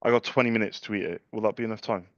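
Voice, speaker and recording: A man's voice: fairly low pitch, steady tone, very fast, dry recording. Young man, cheeky salesman banter, joking tone; dry, muffled lo-fi recording. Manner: cheeky, jokey, laughs at own lines. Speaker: salesperson cold calling. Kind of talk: phone sales banter, retold. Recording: dry, dull lo-fi sound.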